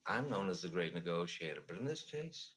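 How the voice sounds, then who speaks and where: A man playing a brash tycoon in an improvised comedy sketch, boastful and quick to cut others off. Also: sits low, sing-song, a bit bright, poor audio.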